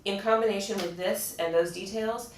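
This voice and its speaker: A woman's voice: medium pitch, fairly even intonation, moderate pace, a little hiss or hum. Lady realtor walking thru the rules step by step, echoey room, mic kinda far. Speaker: real estate agent. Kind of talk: casual explanatory chat. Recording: roomy echo, distant mic.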